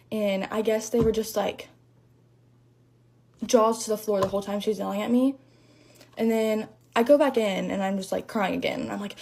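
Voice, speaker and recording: A young woman chats through a storytime into her phone, talking in long rambling runs thick with "like". Her voice is husky and mellow and sits a little high for a woman. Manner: chatty, rambling, lots of "like", shaken. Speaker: drive-thru worker telling a story. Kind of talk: casual storytime.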